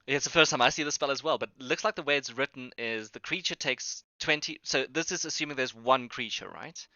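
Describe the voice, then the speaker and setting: A man's voice: mid-range voice, fairly quick, bright, forceful tone, dry recording, highs cut off. A man acting as game master in a tabletop game over voice chat, talking hesitantly with many ums and restarts.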